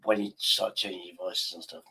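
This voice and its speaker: A man chats on his live stream in a blunt, rambling way and swears casually. His voice is gravelly and a little husky. He talks into a desk mic at his laptop. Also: sits low, steady tone, moderate pace, sharp tone.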